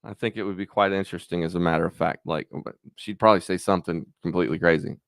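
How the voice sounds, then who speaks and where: A man's voice: low voice, steady tone, fast talker, vocal fry, clean tone, dry recording, clean studio sound. A man hosting his own channel, thinking aloud in a rambling, profane, casual chat. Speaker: YouTube channel host.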